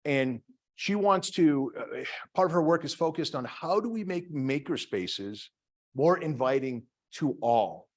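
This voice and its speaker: A man's voice: a little high, animated, unhurried. Middle-aged man, Boston accent, engineering department head, talk to an audience, chatty, self-deprecating, many fillers. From Massachusetts. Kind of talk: lecture to an audience.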